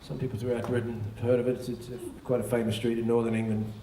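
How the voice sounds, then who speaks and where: A man's voice: medium pitch, little pitch movement, fast, warm tone, a little hiss or hum. An Australian man doing a profane, rambling stand-up routine on stage in a large hall. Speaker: stand-up comedian. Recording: echoey live venue recording.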